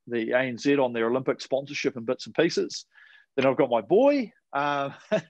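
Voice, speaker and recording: A man's voice: mid-range voice, dry recording, muffled recording. A man with a New Zealand accent, a podcast guest telling sports stories in a laid-back, slangy way with casual swearing. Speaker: podcast guest, retired rower. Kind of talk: casual storytelling chat.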